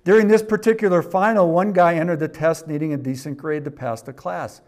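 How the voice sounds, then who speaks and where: A middle-aged preacher with a slightly high male voice. He delivers a sermon in which he reads a story aloud. His volume swings between emphatic, louder lines and quiet, low asides. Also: steady tone, brisk. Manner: varies loudness a lot, rising for scripture and dropping for asides. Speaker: pastor.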